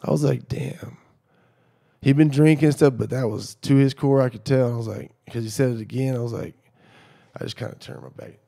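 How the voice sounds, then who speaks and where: A middle-aged man in a casual podcast chat, telling animated stories and acting out what people said. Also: medium pitch, fast, creaky. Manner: animated storyteller acting out quoted dialogue.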